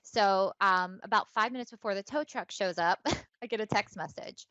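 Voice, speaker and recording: A woman co-hosting a podcast tells a long, rambling story full of fillers and some swearing in a casual storytelling chat. Her mid-range voice is a bit bright and moves at a moderate pace. The recording sounds dull, lo-fi and dry.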